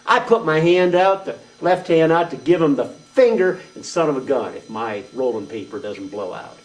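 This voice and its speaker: A man's voice: a little high, animated, moderate pace, lightly acted. A man playing a boastful, reckless redneck trucker, talking in a rambling, folksy, crude way in a comedic character monologue. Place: small venue stage. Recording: distant mic at open mic.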